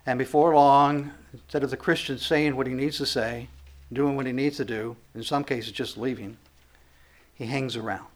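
A man's voice: medium pitch, fairly even intonation, moderate pace. A man, a pastor, preaching a conversational sermon, acting out quotes and building to emphatic, raised passages.

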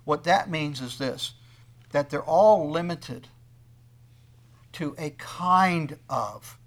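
Male preacher, a touch high-voiced, dynamic sermon delivery that acts out the people he quotes. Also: takes it slowly. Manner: swings between loud emphasis and quiet asides; acts out quoted speakers in conversational tones. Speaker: pastor.

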